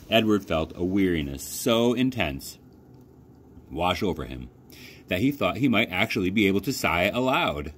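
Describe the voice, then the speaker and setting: Male children's read-aloud narrator, deep and animated, faint background hum. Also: normal speed. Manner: expressive storytelling with lively pitch. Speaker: library youth services coordinator.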